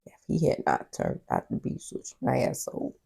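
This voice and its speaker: A woman voicing a hurt, weary man who pleads quietly with his partner, in a soft, breathy voice. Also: normal speed, natural voice. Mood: pleading.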